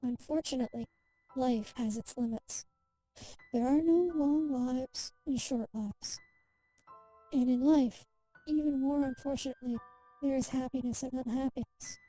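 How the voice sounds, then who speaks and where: A woman streamer reading a game's story aloud in a measured, emotional way, over faint music. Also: high voice, dark tone, poor audio.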